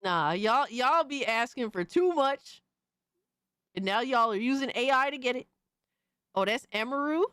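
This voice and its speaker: Woman streamer, casual reaction, animated swooping voice, slow drawl, dry sound. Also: on the high side, clean tone, dry recording. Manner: loud, incredulous exclaiming and cursing. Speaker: streamer host.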